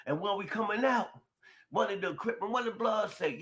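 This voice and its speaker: A man tells a personal story with real animation, his fairly high voice rising and falling all over the place. His tone is bright and forceful, and he talks emphatically, dropping quiet before bursting out loud. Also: brisk. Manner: emphatic, expressive, swings from quiet to shouting. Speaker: storyteller in a shared video.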